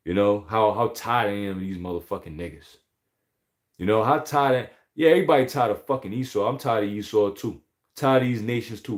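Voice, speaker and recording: A man giving an informal scripture teaching, emphatic and profane, often pausing to ask "all right?". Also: fairly low pitch, darkish tone. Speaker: religious teacher.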